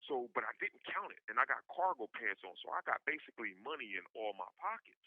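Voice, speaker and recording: A man's voice: mid-range voice, very animated, fast talker, no echo. A man telling a long anecdote in slangy casual talk, acting out everyone's lines with big jumps in his voice. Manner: slangy, loose street talk. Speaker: podcast guest. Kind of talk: casual storytelling. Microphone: phone line. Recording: dull lo-fi prison phone call.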